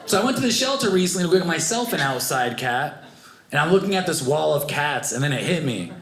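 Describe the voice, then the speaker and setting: A young man doing a stand-up comedy set, animated and acting out the people in his stories. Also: fairly high pitch, quick pace. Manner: animated, acts out voices of family and strangers. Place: comedy club stage with live audience. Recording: echoey club room, noisy audience.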